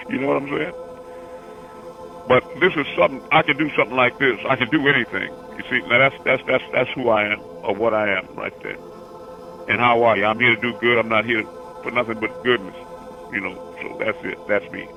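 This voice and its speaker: A man's voice: mid-range voice, fairly even intonation, a little fast, vocal fry, lo-fi sound, soft background music. A man hosting a call-in session, talking casually and rambling, repeating words as he recounts long visions. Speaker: host answering callers.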